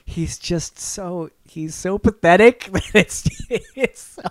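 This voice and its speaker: A man co-hosting a podcast in casual chat, talking in a rambling, animated way with many fillers and restarts. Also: high voice, slow pace. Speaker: podcast co-host.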